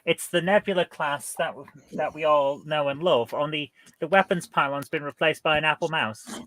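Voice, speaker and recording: Bright-voiced jokey man. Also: fairly high pitch, moderate pace, a little hiss or hum. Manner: jokey, rambling with fillers. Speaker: quiz panelist. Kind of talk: casual quiz chat.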